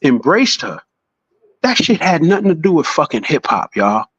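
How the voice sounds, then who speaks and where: A man in a casual podcast chat, swearing freely and preaching with animated storytelling. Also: fairly high pitch, moderate pace, breathy edge, no echo, muffled recording.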